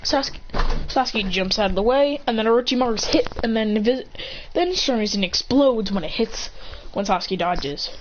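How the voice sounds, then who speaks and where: Woman storyteller, casual and excitable, rambles. Muffled home recording with light background hiss. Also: a little high, a little fast. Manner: rambling, excitable, with restarts and sound effects. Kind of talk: casual fan-fiction retelling.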